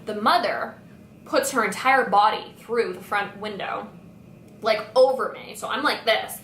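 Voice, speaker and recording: In an echoey room with faint noise, a young woman vlogger tells a storytime tale in a medium-pitched, unhurried voice. Her retelling is animated and packed with "like" fillers.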